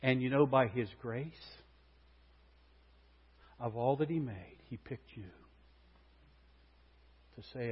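A man preaching a sermon, moving between loud proclamation and hushed intensity. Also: medium pitch, slow, long pauses, breathy edge. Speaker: pastor. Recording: muffled sound with long hall reverb.

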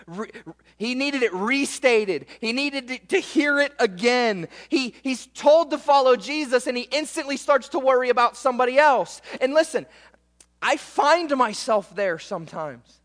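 A man's voice: very high-pitched, expressive, measured pace, fairly bright tone, long reverb tail. A male pastor preaching a sermon in a conversational, emphatic way, often repeating words and returning to short refrains.

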